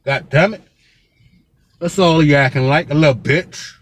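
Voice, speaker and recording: A man's voice: on the high side, moderate pace, husky. A man from Pennsylvania giving a fiery, profane street vlog rant as a local commentator, with the same curse repeated throughout.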